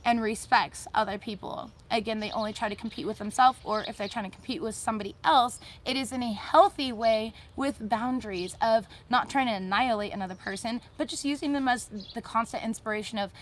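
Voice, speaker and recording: A woman with a fairly high voice gives a casual mindset talk. She is blunt and chatty, swears freely and fills her pauses with ums. Faint noise hums behind her. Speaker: host.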